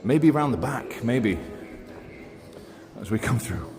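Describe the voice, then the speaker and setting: A man's voice: mid-range voice, expressive, a little slow, a little mellow. A man talking casually to camera as he walks around and tries food, rambling along with plenty of fillers. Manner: chatty, rambling with many fillers. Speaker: travel vlogger. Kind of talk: casual walking vlog commentary. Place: indoor shopping centre, then outdoor bench. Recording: faint background noise.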